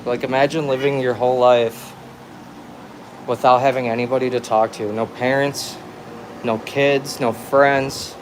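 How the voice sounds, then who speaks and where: Chill young dude rambling slowly on a phone livestream, slangy, kinda aimless. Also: male voice, mid-range voice, flat delivery, slight background noise. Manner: laid-back, rambling, slangy. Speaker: livestream host. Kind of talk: casual livestream chat. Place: at home with a cat.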